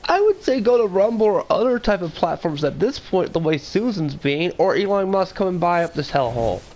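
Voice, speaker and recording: Blunt, excitable man on a podcast. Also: sits high, fairly quick, slight background noise. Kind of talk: casual podcast chat.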